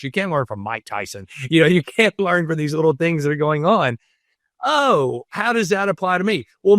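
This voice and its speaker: A man's voice: on the high side, no echo, clean studio sound. A middle-aged man, a podcast guest, talking earnestly and telling reflective stories with quoted dialogue. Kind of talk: reflective storytelling.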